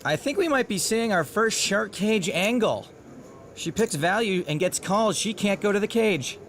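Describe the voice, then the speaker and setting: A man's voice: sits high, lively intonation, normal speed, fairly bright tone, a little hiss or hum. A man doing wisecracking color commentary with dry, sarcastic quips.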